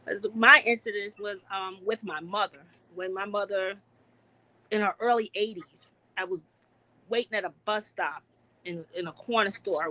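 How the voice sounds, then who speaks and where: A middle-aged woman in casual conversation, retelling a personal story in an indignant, animated way. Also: mid-range voice, poor audio.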